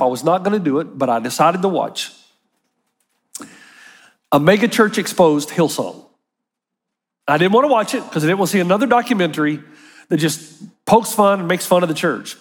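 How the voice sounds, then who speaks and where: Male pastor, high voice, animated sermon delivery, acts out quotes, reverberant church hall.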